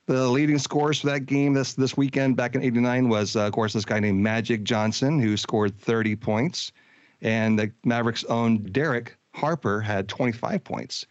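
A man in his fifties hosts a relaxed chat, wandering through memories with easy fillers. His voice sits at an ordinary pitch, and the recording is muffled and dry, with no room sound. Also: moderate pace, no echo. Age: 50s. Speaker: podcast host. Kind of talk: casual nostalgic chat.

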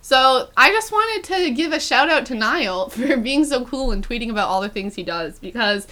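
A young woman hosts a podcast with casual gossip chatter, upbeat and quick to giggle. Her voice is bright and sits a bit high, with plenty of filler words. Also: animated. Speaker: podcast host. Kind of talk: casual celebrity gossip chat.

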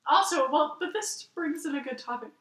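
High-voiced giggly young woman, roomy. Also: normal speed. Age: young adult. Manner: giggly, teasing, animated. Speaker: podcast co-host. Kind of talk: casual chat. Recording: roomy, distant mic.

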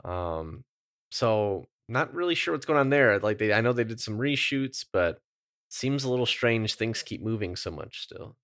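A man's voice: lowish voice, animated, normal speed, fairly bright tone, no echo, clean studio sound. A man hosting a casual podcast, upbeat and chatty, laughing easily as he runs through the news. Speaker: podcast host.

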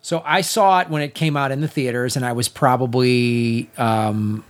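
A man's voice: mid-range voice, fairly even intonation, moderate pace. Easygoing man in his forties. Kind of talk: casual film chat.

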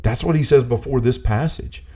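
A man's voice: mid-range voice, normal speed, dark tone, slightly rough. A man talking earnestly about faith in a casual discussion, full of "like" fillers, building to a preachy intensity.

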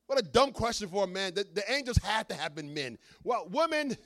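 A man with a very high voice preaches a sermon, animated and full of humorous asides. He is a middle-aged pastor who draws his listeners in with questions and jokes. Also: brisk.

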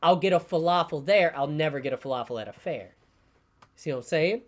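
A man's voice: on the high side, brisk. A man from New York co-hosting a podcast, chatting casually and arguing his point with emphatic repetition. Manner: animated, argumentative, repeats words for emphasis. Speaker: podcast co-host. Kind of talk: casual chat.

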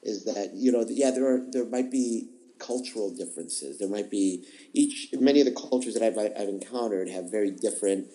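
Man, improv teacher, mellow warm tone, explanatory, stumbling restarts. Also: lowish voice, moderate pace, poor audio. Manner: thoughtful, explanatory, with frequent restarts and repeated words. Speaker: improv teacher, podcast guest. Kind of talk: conversational interview answer.

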